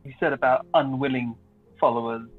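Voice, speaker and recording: A man's voice: mid-range voice, steady tone, a little fast, soft background music. A man playing a tabletop game as a player, talking casually and asking questions. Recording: tinny phone-like line.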